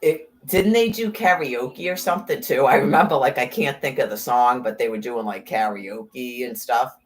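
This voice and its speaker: A woman's voice: very deep voice, normal speed. A middle-aged woman in casual chat, rambling, blunt and profane, with sarcastic asides. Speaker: podcast host.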